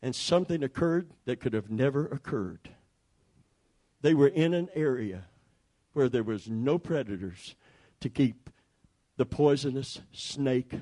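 A man's voice: medium pitch, dark tone. A man pastor preaching a sermon with emphatic repetition and calls for the congregation to respond.

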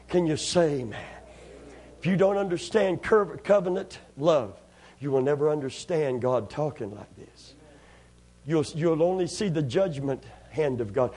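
A high-pitched man preaches with fervor, calling on the congregation to answer back. His voice sits well above the usual male range. The delivery is a full, impassioned sermon. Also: a little mellow, slightly rough. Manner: impassioned, call-and-response preaching.

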